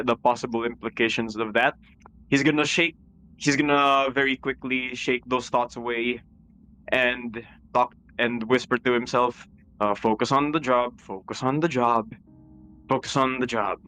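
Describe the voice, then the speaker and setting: A man's voice: medium pitch, pushed and bright, low-quality recording. A man playing a tabletop game, chatting casually and describing his character's actions. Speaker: player. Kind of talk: casual tabletop play talk.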